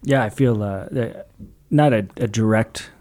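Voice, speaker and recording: Male co-host, lowish voice, halting and thoughtful, casual podcast chat. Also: a little mellow. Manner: hesitant, searching for words. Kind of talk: casual philosophical discussion.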